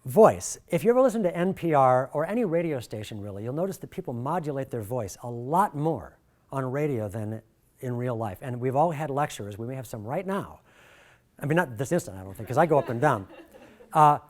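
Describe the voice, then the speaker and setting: A middle-aged man leading a workshop, talking in a jokey, animated way and swinging his pitch and volume a lot. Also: brisk. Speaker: workshop presenter. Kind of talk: lively workshop talk.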